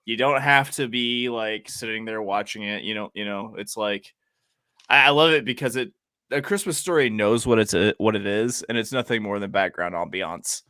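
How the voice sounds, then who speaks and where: A man co-hosting a casual podcast chat. He talks excitably, with stammered restarts and emphatic agreement. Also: on the low side, moderate pace, clear, resonant tone, dry recording. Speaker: podcast co-host.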